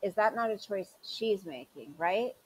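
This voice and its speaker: A woman's voice: medium pitch, expressive, measured pace, slight background noise, poor audio. A woman hosting reaction commentary, talking in a sarcastic, critical and questioning way. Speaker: commentary channel host.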